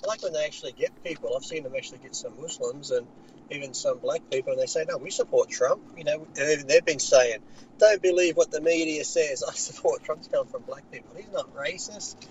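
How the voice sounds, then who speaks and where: A man's voice: on the high side, fast talker, noisy background. An Australian man talking in a blunt, casual chat, swearing freely and laughing often, recording from inside a car. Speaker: podcast co-host.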